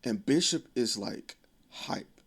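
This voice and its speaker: Gravelly man recapping a film. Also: slow. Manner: animated retelling, quoting characters with raised pitch. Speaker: video essayist. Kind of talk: casual film recap commentary.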